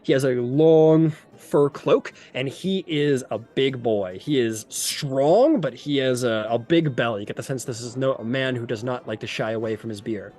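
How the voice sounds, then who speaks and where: A man's voice: medium pitch, normal speed, hardly any pauses, a little mellow. A man running a tabletop game as game master, rambling and descriptive with many fillers.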